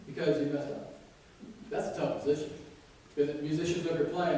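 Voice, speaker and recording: A man preaching a sermon in a church, telling jokey stories and shouting out quoted lines. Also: a little high, level tone, fast talker, pauses often. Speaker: pastor. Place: church sanctuary. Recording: echoey church room from a distance.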